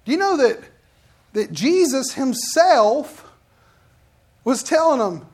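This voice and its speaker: Male preacher, animated delivery, slips into the voices he quotes. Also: extremely high pitch, takes it slowly, long pauses. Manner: animated, acts out quoted prayers and Bible figures. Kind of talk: sermon.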